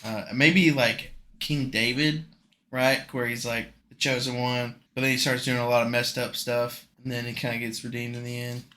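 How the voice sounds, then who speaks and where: A man's voice: medium pitch, little pitch movement, moderate pace, sharp tone. A young man co-hosting a podcast in casual chat, joking and rambling, laughing often. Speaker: podcast co-host.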